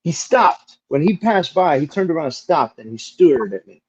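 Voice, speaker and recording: Lively man telling stories, dull audio. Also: fairly high pitch, normal speed, breathy edge. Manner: lively, swears casually, many "like" fillers. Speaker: interview guest. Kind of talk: casual storytelling in an interview.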